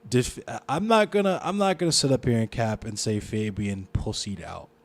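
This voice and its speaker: A man from Baltimore reads a news article aloud during a live stream, his medium-pitched voice moving at normal speed. He swears heavily and reacts loudly to the story as he goes.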